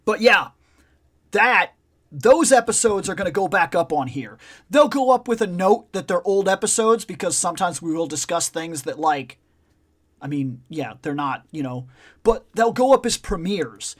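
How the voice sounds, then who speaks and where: A man hosting a casual live chat show, telling stories in an animated way and swearing a lot. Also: sits high, moderate pace. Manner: profane, animated storytelling. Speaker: podcast host.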